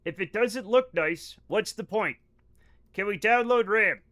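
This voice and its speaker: A man's voice: sits high, unhurried, pushed and bright. A man streaming a game live, chatting casually with viewers in a rambling, profane, joking way. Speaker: livestream gamer. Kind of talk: casual live-stream chat while playing.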